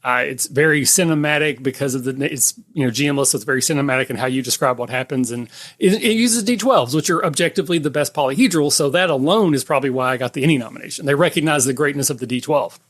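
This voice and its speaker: A man's voice: medium pitch, fast, hardly any pauses, fairly bright tone. A man who designs tabletop games, joking about himself as a podcast guest. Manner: jokey, self-deprecating. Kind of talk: casual chat.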